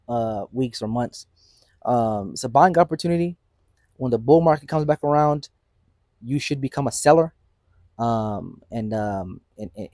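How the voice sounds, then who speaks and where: A man hosting his own crypto channel, talking off the cuff in an animated, emphatic way and often tagging "right?" onto his points. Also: medium pitch, dry recording. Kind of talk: casual unscripted market commentary.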